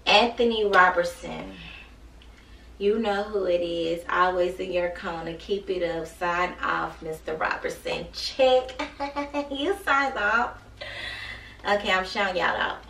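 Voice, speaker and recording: A woman's voice: lowish voice, slow pace, gravelly, a bit bright, roomy sound, far from the mic, a little hiss or hum. A woman with a sore throat chatting playfully with her viewers as a beauty vlogger, teasing and joking as she goes. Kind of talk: casual chat to viewers.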